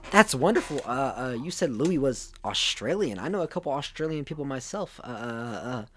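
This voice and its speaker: A man's voice: mid-range voice, lively intonation, moderate pace, a bit bright. A young man playing a mock-formal talk-show interviewer who is overly polite and keeps calling his guest sir. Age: young adult.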